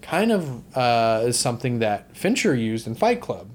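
A man's voice: medium pitch, sing-song, a little slow. Rambling young man on a podcast. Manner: rambling, swears, laughs often. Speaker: podcast co-host. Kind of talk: casual movie discussion podcast.

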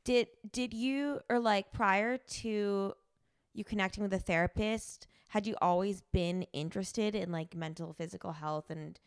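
A woman's voice: medium pitch, a little slow, smooth, no echo, clean studio sound. A woman interviewing her guest, asking hesitant questions as she searches for words.

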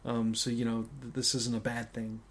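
A man's voice: mid-range voice, monotone, normal speed, fairly bright tone. A man co-hosting a casual movie-discussion podcast, talking in a loose, rambling way with frequent fillers and restarts. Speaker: podcast co-host.

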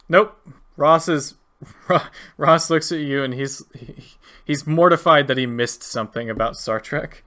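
A man narrating as game master of a tabletop game, animated and laughing often as he quotes characters. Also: a little high, unhurried, long pauses.

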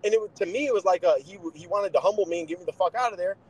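A man's voice: high voice, very fast, poor audio. A young man co-hosting a podcast, telling boxing stories in a blunt, profane, casual way. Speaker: podcast co-host, boxer.

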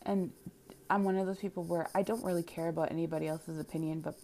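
A woman in her thirties talks through a personal story on her podcast. Her voice sits a little low and sounds mellow and soft. She rambles candidly, restarting her sentences and leaning on fillers as she goes. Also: fairly even intonation, quick pace, creaky, a little hiss or hum. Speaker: podcast host.

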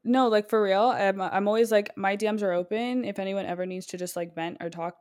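Podcast co-host, woman, twenties, casual animated storyteller, mid-pitched voice. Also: a little fast. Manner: chatty storyteller, animated, heavy on 'like'. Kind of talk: casual chat.

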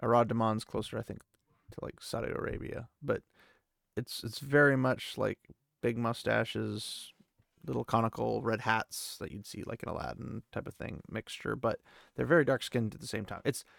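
A man hosting a casual book-recap podcast, rambling and thinking aloud as he goes. His voice is gravelly, with a medium pitch. He is recorded close on a dry mic with no room sound. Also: normal speed, fairly bright tone, no echo. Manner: rambling, thinks aloud, many fillers and restarts. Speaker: podcast host.

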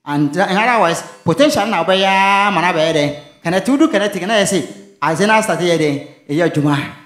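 Soft background music plays in an echoey room as a high-pitched, fairly bright-toned man preaches fairly quickly. As pastor, he leads a call-and-response sermon, asking the congregation to complete his questions and using local phrases.

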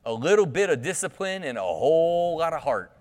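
A man's voice: on the high side, very animated, fairly quick, darkish tone. Pastor guy preaching at church, talks it through with questions, voice rings out in a big hall. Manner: conversational preaching with rhetorical questions and restarts. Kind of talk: sermon.

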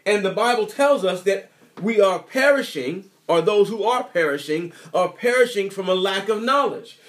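A high-pitched man delivers a sermon with insistent emphasis, repeating his points and firing rhetorical questions at his listeners. His voice rings out in a noticeably echoey room. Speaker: preacher.

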